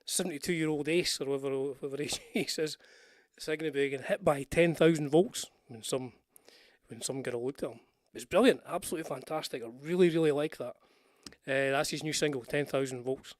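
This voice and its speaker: A man's voice: fairly high pitch, fairly quick, no room sound, clean studio sound. An older Scottish man hosting a casual livestream, chatting in a meandering way with frequent restarts and asides. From Scotland. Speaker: livestream host. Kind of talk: rambling casual livestream chat.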